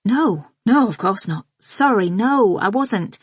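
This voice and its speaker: A woman's voice: mid-range voice, animated, slow, breathy edge, no room sound. A woman reading an audiobook, voicing a flustered man who stumbles through breathless apologies. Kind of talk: audiobook character voice.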